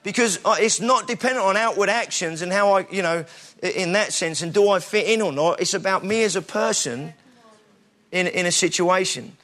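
High-voiced British man preaching casually. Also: moderate pace, fairly bright tone. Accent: British English. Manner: conversational, self-deprecating, frequent restarts and asides. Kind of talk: informal sermon.

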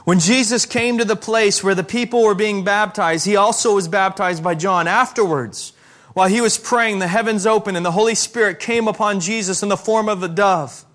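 A man preaching a sermon as a pastor, with emphatic rises and slow, stressed repetitions. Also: sits high, fairly bright tone.

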